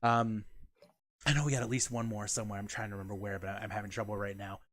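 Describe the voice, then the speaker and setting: A man hosting a casual livestreamed gaming podcast, relaxed and chatty, laughing often and using lots of fillers. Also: on the low side, quick pace, no room sound. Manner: laid-back, laughs often, many fillers. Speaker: podcast host.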